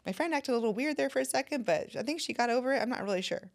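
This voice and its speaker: A woman's voice: on the high side, lively intonation, racing, voice pushed up. A woman voicing a carefree young woman who gushes about a cute dog. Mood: breezy.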